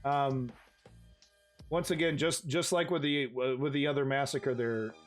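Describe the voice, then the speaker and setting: A man's voice: mid-range voice, fairly even intonation, measured pace, soft background music. A man hosting a live news stream, talking casually in a rambling, emphatic way full of restarts and the odd curse word.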